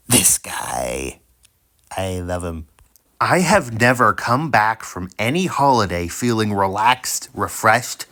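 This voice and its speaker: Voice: low-pitched, a bit bright. A video creator casually reading social media posts aloud with amused, wry asides.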